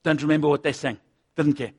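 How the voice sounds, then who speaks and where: A middle-aged man preaching a sermon, impassioned, swinging from loud urgency to hushed intensity. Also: on the high side, fairly even intonation, fast talker, slightly rough.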